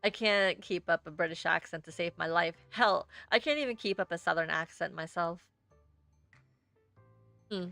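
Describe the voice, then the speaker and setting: A woman's voice: fairly low pitch, normal speed, creaky, pauses often, bright, forceful tone, no echo, soft background music. A young woman streamer reading a story game aloud with chatty, self-deprecating asides.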